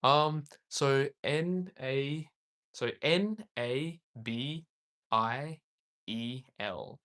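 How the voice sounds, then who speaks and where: A man's voice: mid-range voice, drawn-out words, a bit bright. A young man from Australia, casually chatting on a livestream, rambling and reading viewer comments aloud with frequent laughs. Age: young adult. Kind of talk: casual live-stream chat.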